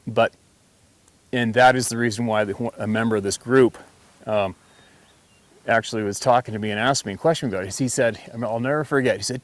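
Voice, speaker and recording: A man's voice: medium pitch, brisk, long pauses, no echo. Blunt, emphatic man telling stories. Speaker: hunting channel host. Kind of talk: casual storytelling to camera.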